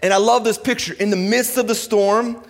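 Male pastor, casual animated sermon, slightly high voice, long church reverb. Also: moderate pace. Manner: animated and conversational, swings between loud excitement and hushed softness. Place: church sanctuary.

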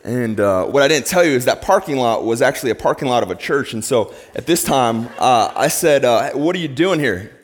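A middle-aged man preaches from a church pulpit, telling a personal story with animated swings. His voice rings out into a long hall reverb that fills the sanctuary. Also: medium pitch, fairly quick, few pauses. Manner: storytelling, animated, rising to loud emphatic peaks. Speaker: pastor.

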